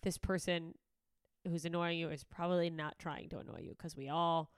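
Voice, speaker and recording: A woman's voice: fairly low pitch, steady tone, normal speed, clear, resonant tone, dry recording, clean studio sound. A woman hosting her own podcast, a stand-up comedian ranting casually with lots of swearing, tangents and self-mocking asides. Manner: profane, rambling, self-mocking. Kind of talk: casual solo podcast rant.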